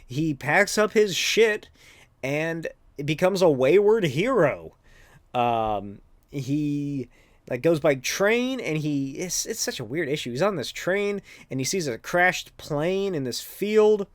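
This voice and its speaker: A man's voice: on the high side, lively intonation, takes it slowly, no echo. A man hosting a podcast, recapping a comic in a rambling, casual way with lots of swearing and filler words. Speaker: podcast host.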